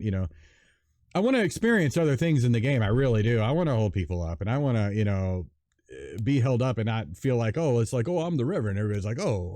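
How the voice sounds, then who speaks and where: A low-pitched man hosts a casual livestream chat, his voice swinging widely as he tells stories. He chuckles often and sounds enthusiastic. The sound is dry and close. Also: darkish tone, dry recording. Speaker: stream host.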